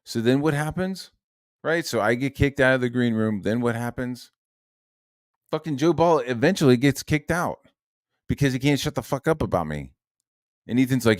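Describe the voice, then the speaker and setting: A man's voice: mid-range voice, moderate pace, no room sound, clean studio sound. A man ranting in a heated, profane and sarcastic monologue. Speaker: online commentator.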